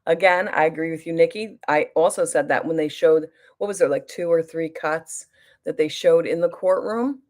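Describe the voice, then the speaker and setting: Her voice is low and somewhat dark, moving at an ordinary pace. The middle-aged beauty vlogger chats casually through a get-ready-with-me session, reading comments from viewers as she puts on makeup.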